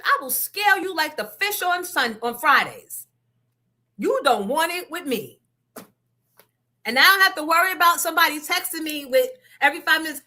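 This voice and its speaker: A woman's voice: very high voice, big pitch swings, moderate pace, long pauses, sharp tone. A woman host ranting to her listeners in a blunt, profane, confrontational way. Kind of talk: casual rant to listeners.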